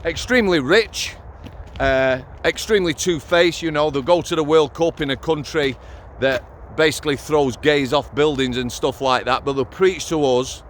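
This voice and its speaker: A man's voice: a little high, moderate pace, a little hiss or hum. A middle-aged man, a former prison officer telling stories to his channel in a blunt, sweary, conversational way, outdoors. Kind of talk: casual vlog storytelling.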